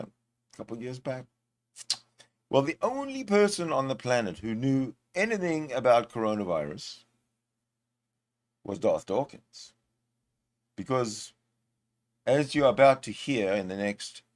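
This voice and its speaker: Man giving sarcastic reaction commentary. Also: mid-range voice. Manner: mocking, deadpan asides. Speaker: reaction show host.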